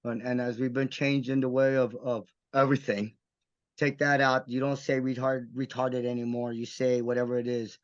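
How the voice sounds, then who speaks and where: Dull lo-fi podcast audio carries the mid-range, level voice of a man from Mission, Texas, a guest actor speaking at a moderate pace. In this candid conversation he is emphatic, intense and full of profanity.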